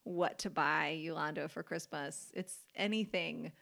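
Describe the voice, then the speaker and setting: A woman's voice: low-pitched, measured pace, vocal fry, a bit bright. A woman co-hosting a casual faith podcast conversation, chatty, full of "like" fillers and easy laughter, leaning hard on key words. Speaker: podcast co-host.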